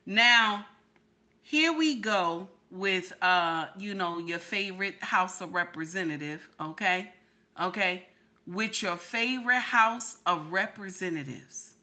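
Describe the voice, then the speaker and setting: Woman, reaction host, bright tone, emphatic, chats with viewers. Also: lowish voice, slow pace. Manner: emphatic, repeats "okay?" to drive points home; talks to her chat directly. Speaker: commentary host. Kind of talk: live reaction commentary.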